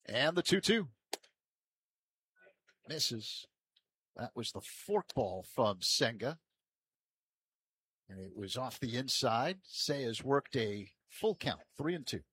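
A man calling baseball play-by-play from a ballpark booth, with measured calls that lift and get louder on each pitch. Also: animated, slight background noise. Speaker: play-by-play announcer.

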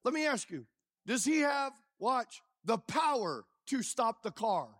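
A male pastor preaching a sermon with lively call-and-response, quizzing the congregation as he goes. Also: very high voice, measured pace, no room sound. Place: church.

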